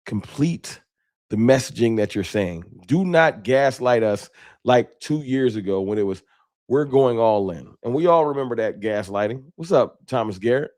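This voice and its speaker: A man's voice: medium pitch, normal speed. Guy with a little lisp running a sports live stream, hyped, slangy, talking right at chat. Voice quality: slight lisp from aligners. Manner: animated, talks straight to chat, slangy.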